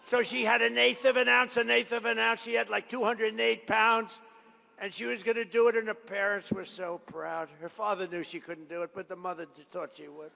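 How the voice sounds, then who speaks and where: Guy rambling thru a rally speech, gravelly voice, big echoey hall. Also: high voice, flat delivery, brisk, bright, forceful tone. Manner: rambling storytelling with boastful asides; repetitive, emphatic phrasing. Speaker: politician addressing a rally. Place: large event venue. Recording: long hall reverb from a big venue.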